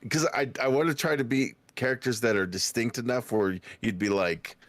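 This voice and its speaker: A man's voice: medium pitch, normal speed, a bit bright, no room sound. A man co-hosting a podcast, chatting loosely and rambling at the end of a long stream. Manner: rambling, loose, tries out silly voices mid-sentence. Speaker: podcast co-host. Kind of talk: casual late-night chat.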